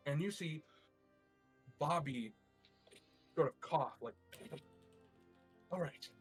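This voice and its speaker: A man narrating a tabletop game as game master, animated and descriptive. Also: fairly high pitch, slow, soft background music.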